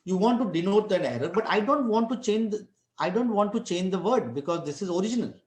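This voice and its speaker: A man's voice: high-pitched, lively intonation, fast, a little mellow, reverberant. A man giving an online lecture, explaining step by step with restarts and frequent "right?" checks. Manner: explains step by step, many restarts and tag questions.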